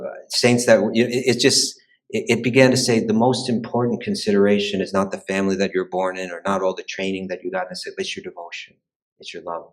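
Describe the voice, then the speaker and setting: A man's voice: low-pitched, low-quality recording. A man giving a conversational lecture on the history of spirituality, talking thoughtfully with frequent restarts and repeated words. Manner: conversational, frequent "you know" and "right". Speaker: spiritual teacher.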